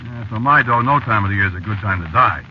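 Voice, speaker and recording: An actor playing a working-class male cab driver who narrates, using folksy slang, excitable and nervous, in 1940s radio drama style. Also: fairly low pitch, quick pace, lightly acted. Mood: jumpy. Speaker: narrator and lead. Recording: dull old radio recording with faint hiss.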